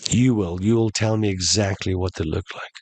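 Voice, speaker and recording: A man voicing a casual, offhand male genie who talks in an unhurried, matter-of-fact way. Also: low-pitched, fairly even intonation, no echo. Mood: explaining.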